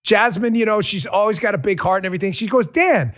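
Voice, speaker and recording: A middle-aged New Yorker hosts a casual political podcast, joking loosely and wandering into rambling asides. His voice is high and a bit bright, and he talks quickly.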